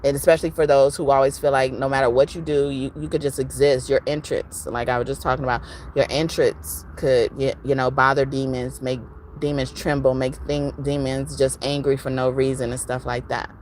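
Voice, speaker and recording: A woman giving a casual spiritual reading message, chatting in a relaxed way and now and then breaking into song. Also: rumbling low, brisk, slight background noise. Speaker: spiritual reader.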